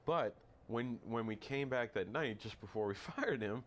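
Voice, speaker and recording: A man in casual podcast chat, thinking aloud in halting, reflective talk with repeated words. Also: medium pitch, lively intonation, fairly bright tone, slight background noise.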